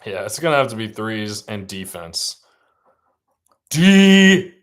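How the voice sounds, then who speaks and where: A man's voice: on the low side, expressive, moderate pace. Emotional man reacting to a basketball game. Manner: emotional, swearing, swings from muttering to shouting. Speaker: livestream sports watcher. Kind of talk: casual live reaction commentary.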